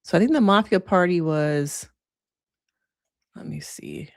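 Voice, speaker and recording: A woman's voice: lowish voice, lively intonation, a little slow, no room sound, studio quality. A woman therapist giving casual, frank livestream commentary with plenty of slang and laughter. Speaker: therapist reviewing reality TV.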